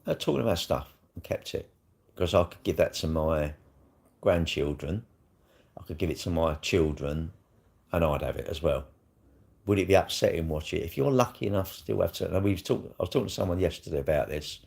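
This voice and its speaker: A man's voice: sits low, brisk, vocal fry, darkish tone. A middle-aged man with a South East London accent, chatting casually on a live stream in a blunt, sweary, rambling way.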